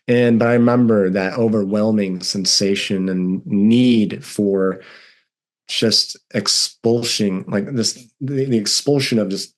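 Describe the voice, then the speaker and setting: A man in his thirties with a fairly low voice speaks as a guest. He tells his story candidly, in an earnest and emphatic way, leaning into the strong feelings he describes. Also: slow. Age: 30s.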